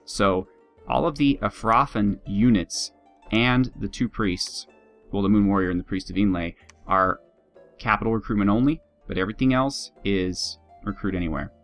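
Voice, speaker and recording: A man's voice: on the low side, moderate pace, a bit bright. A man casually commenting on a strategy game, chatty and laughing at his own jokes. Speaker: game video host. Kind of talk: casual let's-play commentary. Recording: faint guitar music behind.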